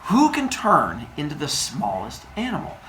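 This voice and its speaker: A man's voice: on the high side, wildly swooping pitch, moderate pace, a bit bright, slight background noise. A male teacher voicing a sly, smug king of the gods with a falsely cheerful manner. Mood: scheming. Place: classroom. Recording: echoey room, distant mic.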